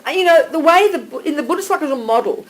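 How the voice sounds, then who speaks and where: A woman teaching a small group live, animated and direct, checking in with listeners by name and calling them darling. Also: sits high, rapid-fire, low-quality recording. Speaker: Buddhist teacher.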